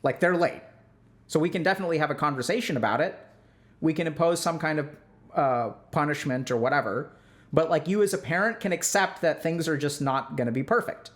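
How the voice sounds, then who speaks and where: Chatty man with a slightly high voice. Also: fairly quick, a bit bright. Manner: conversational, full of "like" and "right?" check-ins; sarcastic when mocking strict views. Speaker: clinician giving parenting advice. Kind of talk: casual explanatory talk.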